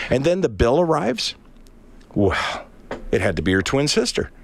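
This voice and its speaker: A man's voice: on the low side, brisk, a little hiss or hum. A middle-aged Canadian man in casual chat, telling a long anecdote and acting out the voices of the people in it. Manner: animated anecdote with acted-out voices.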